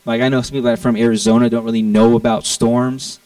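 Animated man preaching, gravelly voice. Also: mid-range voice, quick pace, no room sound, recorded from a distance, rough recording. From Florida. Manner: animated, acts out quotes in a raised voice. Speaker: pastor. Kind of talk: sermon.

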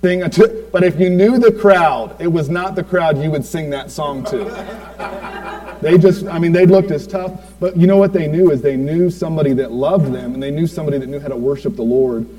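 A man's voice: on the high side, a little fast, dark tone, poor audio. Man telling a rambling church testimony. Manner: rambling storytelling with many fillers, asides to the audience. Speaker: church speaker giving a tribute. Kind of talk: personal testimony to a congregation.

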